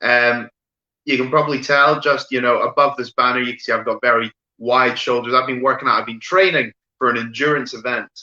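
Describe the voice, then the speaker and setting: A man doing an online stand-up set of deadpan one-liners, often tagging "right?" and pausing with fillers. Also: medium pitch. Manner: deadpan delivery with frequent "right?" asides and fillers. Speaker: stand-up comedian. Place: home room, streamed online show. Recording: roomy echo, dull lo-fi sound.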